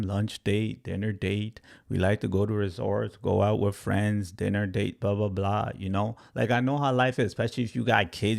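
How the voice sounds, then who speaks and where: A man's voice: on the low side, vocal fry. A man in his thirties, a crypto trading educator, talks casually and animatedly to a livestream chat, tagging "right?" and "you guys" onto nearly every line.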